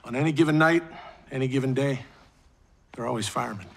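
An actor playing a boastful firefighter who rattles off film trivia, in a sitcom. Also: male voice, medium pitch, quick pace, vocal fry, husky. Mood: enthusiastic. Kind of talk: sitcom acting.

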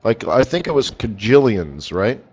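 A man's voice: on the low side, very animated, normal speed, darkish tone, husky, lo-fi sound. A man hosting a live currency trading session, telling rambling anecdotes in casual chat and laughing at his own jokes. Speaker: forex market strategist hosting a live session. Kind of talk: casual live-stream commentary.

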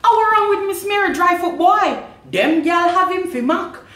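A woman with a Jamaican accent giving a lively, performative recitation of a dialect poem, laughing between lines. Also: very high voice, normal speed, reverberant. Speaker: guest, designer. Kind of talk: dramatic dialect poetry recitation.

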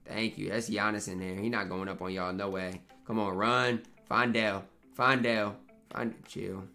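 A young man, a gaming YouTuber, commentates live on his own basketball video game match, ranting in frustration and muttering to himself between plays. His voice sits on the low side with a steady, sharp tone, and he talks a little slowly. Soft music plays in the background.

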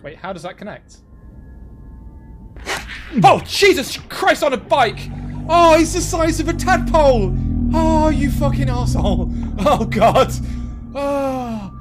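A woman's voice: high voice, big pitch swings, takes it slowly, long pauses. A woman streamer reacting to a horror game, swearing and exclaiming in alarm. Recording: stream with loud game music.

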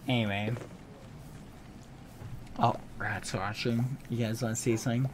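Slow-talking playful young male streamer. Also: medium pitch, lively intonation, a little hiss or hum. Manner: playful and doting, hums and sings little made-up songs; coos at his pets in a baby-talk tone. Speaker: livestreamer. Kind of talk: casual live-stream chat while gaming.

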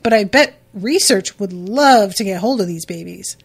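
A woman reading the lines of an eager, callous male military surgeon, in a hoarse voice. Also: mid-range voice, expressive, moderate pace.

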